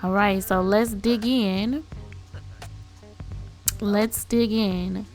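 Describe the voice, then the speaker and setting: A woman's voice: medium pitch, steady tone, very slow, darkish tone, faint music behind. A woman hosting a casual let's-play, narrating a life-sim story in a chatty, storytelling way. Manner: chatty, storytelling, laughs often.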